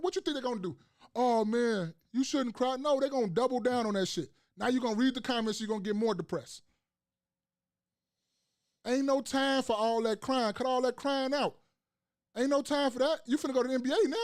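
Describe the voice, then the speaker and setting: A man hosting a casual podcast chat, ranting emphatically with slang and profanity and repeating phrases for emphasis. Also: extremely high pitch. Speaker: podcast host.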